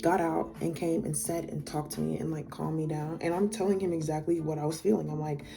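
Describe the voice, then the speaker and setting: A woman's voice: sits low, fairly even intonation, fairly quick, creaky, music in the background. A young woman telling a personal story in a casual storytime, rambling with lots of fillers and swearing, her voice climbing when she gets worked up.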